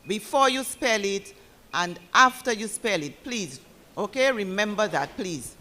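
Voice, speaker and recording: A woman calling out words at a school spelling bee, speaking deliberately and repeating each instruction clearly. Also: mid-range voice, animated, sharp tone, a little hiss or hum.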